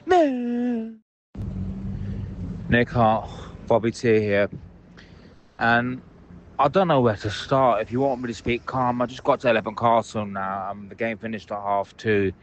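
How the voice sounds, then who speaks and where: A man's voice: on the low side, steady tone, normal speed, muffled recording, a little hiss or hum. A man leaving angry voicemails, ranting and swearing passionately from a busy station. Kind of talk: phoned-in voicemail rant. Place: out in public, at a train station.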